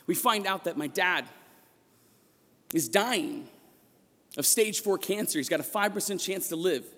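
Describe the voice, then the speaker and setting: A man preaching a sermon as a priest, telling a personal story with passion and rising to shouts at the peaks, recorded in a church. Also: sits high, expressive, unhurried. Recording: long echo of a large church.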